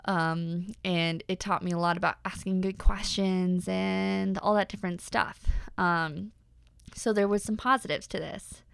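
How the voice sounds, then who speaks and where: A woman's voice: medium pitch, fairly even intonation, a little slow, vocal fry, clean tone, no room sound, studio quality. A young woman hosting a personal podcast, talking candidly and animatedly with many fillers. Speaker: podcast host.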